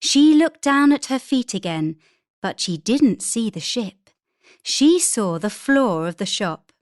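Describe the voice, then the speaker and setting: Slow storybook-reading woman. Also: fairly high pitch, big pitch swings, no echo, studio quality. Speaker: story reader.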